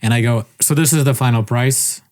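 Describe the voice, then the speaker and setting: Brief: male podcast co-host, mid-pitched, animated storyteller who swears and laughs a lot. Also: a little fast. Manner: animated storytelling, acts out quoted people; swears casually, laughs often. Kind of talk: casual chat.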